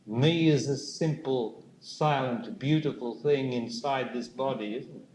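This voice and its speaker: A man giving a spiritual talk to a live audience, speaking slowly and deliberately and putting questions to the listeners. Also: mid-range voice, a little mellow. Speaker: spiritual teacher. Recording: echoey room with faint noise.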